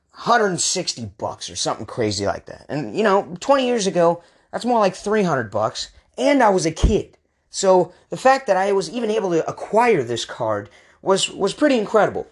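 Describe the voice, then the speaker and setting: Thirtysomething guy telling a funny story from his youth, slangy and animated, a bit higher voice. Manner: animated, casual slangy delivery. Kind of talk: comedic personal storytelling.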